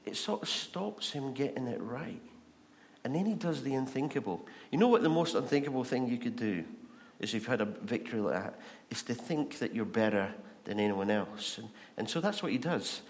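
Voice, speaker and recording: Scottish preacher with a lively voice. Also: male voice, medium pitch, moderate pace. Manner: animated, asks the congregation rhetorical questions. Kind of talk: sermon. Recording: long reverb of a large hall.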